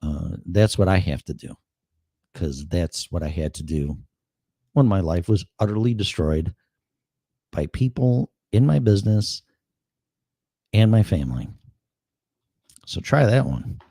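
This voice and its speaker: Show host, 60s man, Chicago accent, low-ish voice, blunt and profane, dry sound. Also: lively intonation, a little slow, vocal fry, long pauses, mellow, dry recording. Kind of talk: casual live-stream monologue.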